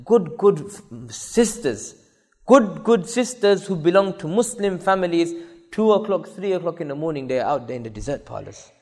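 A man's voice: fairly high pitch, very animated, normal speed, a little mellow, big-room sound. A male preacher giving an impassioned sermon to women, hammering home repeated rhetorical questions. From United Kingdom.

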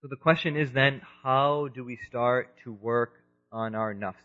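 A man preaching an Islamic sermon with earnest emphasis, his voice sitting at an ordinary middle pitch. He is captured on a dull, lo-fi recording. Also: measured pace, pushed and bright. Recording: dull lo-fi sound.

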